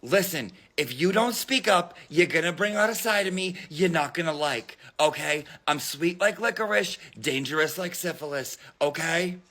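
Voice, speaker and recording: A man's voice: fairly high pitch, lively intonation, moderate pace, hardly any pauses, bright, forceful tone. A man playing a sassy woman judge. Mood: bossy scolding. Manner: sassy, scolding, wisecracking. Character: brash, bossy Boston woman judge. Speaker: comedian. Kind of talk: parody sketch acting.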